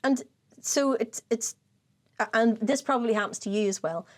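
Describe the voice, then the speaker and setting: This Irish co-host from County Kerry has a fairly high voice and talks at a moderate pace. She's an animated storyteller in a relaxed conversation, often breaking into laughing asides.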